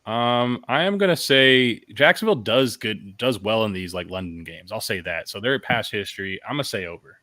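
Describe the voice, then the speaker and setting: Man, co-host, casual sports chat, hesitant with fillers, low voice, dry close sound. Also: lively intonation, normal speed, few pauses, pushed and bright, no room sound. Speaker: podcast co-host.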